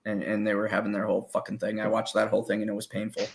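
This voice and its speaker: A man with a low, gravelly voice talks loosely and at length. He swears constantly and breaks into laughter between thoughts, the way people talk in a relaxed hangout. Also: racing. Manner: rambling, swears freely, laughs often. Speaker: guest musician. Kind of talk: casual profane chat.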